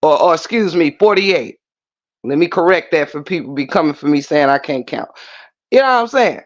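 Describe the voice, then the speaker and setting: Man, high voice, muffled stream audio, animated preachy livestream host. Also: normal speed. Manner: animated preachy talk, addresses viewers directly. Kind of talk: casual livestream chat.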